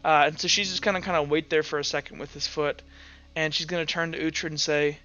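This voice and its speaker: Man, game master, casual hesitant narration, bright tense voice, muffled sound, music behind. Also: fairly high pitch, fairly even intonation, fast. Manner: casual, hesitant, many fillers. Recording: muffled audio with background music.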